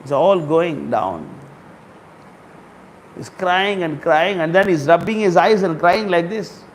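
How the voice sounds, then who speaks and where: Guy with a high voice giving a sermon, explains each verse word by word, lots of repeating. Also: lively intonation, a little hiss or hum. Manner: repetitive, explains words and verses slowly. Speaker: speaker at a temple gathering. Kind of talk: storytelling sermon.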